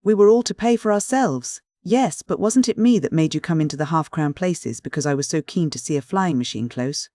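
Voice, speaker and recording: A reader voicing a brisk, fussy young woman typist with a Cockney accent. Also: medium pitch, animated, dark tone, dry recording, clean studio sound, lightly acted. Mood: protesting.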